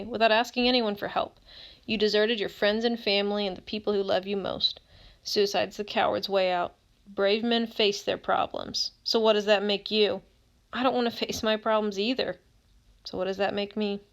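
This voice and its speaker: A woman's voice: mid-range voice, fairly bright tone, natural voice. A woman reading as a bitter, scarred teenage boy who speaks to a dead friend in a raw, accusing way, in an audiobook.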